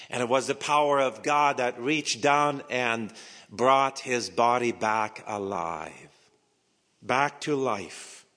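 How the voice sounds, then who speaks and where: A male pastor preaching a sermon with dramatic delivery, dropping to hushed whispers and rising to emphatic peaks, slow and deliberate with repeated phrases. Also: medium pitch. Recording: long hall reverb.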